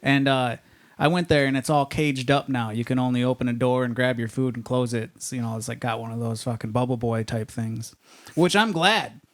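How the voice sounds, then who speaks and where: A man's voice: medium pitch, a little fast. A man doing a stand-up set on a comedy club stage, rambling and conversational, asking the crowd if they know what he means.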